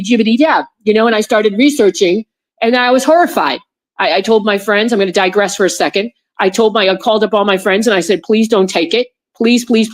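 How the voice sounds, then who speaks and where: A woman guest in an interview, telling a personal story in a rambling way with many restarts and repeated words, on a video call. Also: mid-range voice. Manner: animated when recounting her friends' words.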